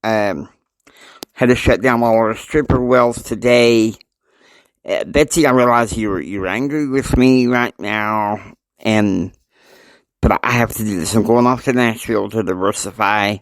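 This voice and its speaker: A man's voice: lowish voice, a little slow, dry recording. A man voicing a weary businessman father apologizing to his family. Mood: apologetic. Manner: apologetic, explaining.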